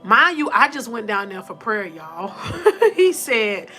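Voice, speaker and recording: A woman's voice: medium pitch, sing-song, slow, pushed and bright, soft background music. A woman hosting a faith-based motivational livestream, telling a personal testimony, calling her viewers y'all, emotional and close to tears. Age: adult with four sons.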